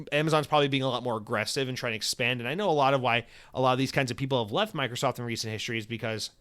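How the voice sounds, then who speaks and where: A man's voice: mid-range voice, a bit bright. Sarcastic, swearing male podcast host. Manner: profane, rambling, sarcastic; acts out quoted voices mid-rant. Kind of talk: solo podcast commentary.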